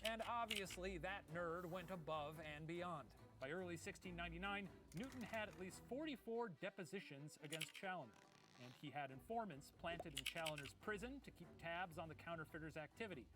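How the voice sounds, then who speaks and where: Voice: mid-range voice, expressive, fairly quick. Wry narrator over background music. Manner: wry, playful storytelling. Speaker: history video narrator. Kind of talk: scripted comic narration.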